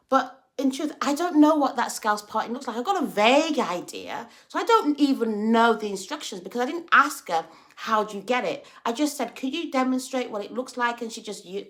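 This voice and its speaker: A woman talking casually in a livestream about faith, chatty and animated, acting out little quoted exchanges. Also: fairly high pitch. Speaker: vlogger sharing faith reflections.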